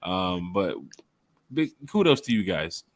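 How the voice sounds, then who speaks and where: A man's voice: sits low, very animated, slow pace, no room sound. A man hosting a casual fan chat, upbeat and full of enthusiasm for the trip. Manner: enthusiastic, hypes the fans. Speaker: fan club host.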